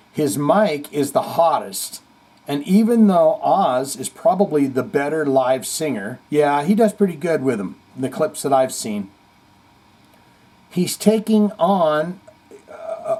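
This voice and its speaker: A man's voice: a little high, a little mellow. A man hosting a casual heavy metal chat stream, reading viewer comments aloud with jokey asides. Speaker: host.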